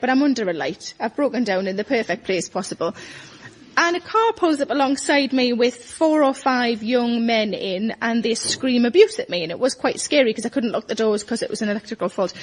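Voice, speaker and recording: A woman's voice: a little high, expressive, a little fast. A woman telling a self-mocking comic story as a guest on a studio panel show. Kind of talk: comic anecdote. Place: studio with live audience.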